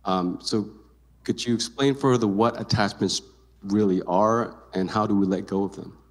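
A man's voice: on the low side, fairly even intonation, normal speed. A man in the audience asking a hesitant question, heard from a distance.

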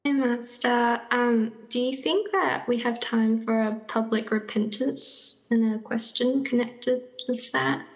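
A woman's voice: a little high, steady tone, a little slow, hardly any pauses, rough recording. A woman confessing nervously and apologetically to her teacher, close to tears. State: crying. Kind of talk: emotional public repentance.

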